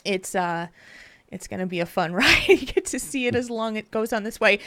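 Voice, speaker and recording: A woman hosting a podcast in casual, chatty talk, animated and rambling with fillers. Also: medium pitch, moderate pace, no echo. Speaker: podcast host.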